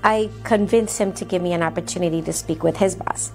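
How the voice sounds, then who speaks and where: A woman recounts her own story in a candid, earnest way, acting out conversations as she goes. Her voice sits a bit low and has a gravelly fry. Faint music plays underneath. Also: steady tone, a little fast. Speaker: speaker telling her life story. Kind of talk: personal storytelling talk.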